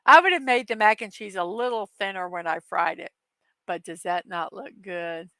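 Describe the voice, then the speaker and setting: A woman's voice: mid-range voice, normal speed, fairly bright tone, no room sound. A middle-aged woman hosting a daily morning show, chatting casually with many fillers and reading viewer comments aloud. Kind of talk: casual live-stream chat.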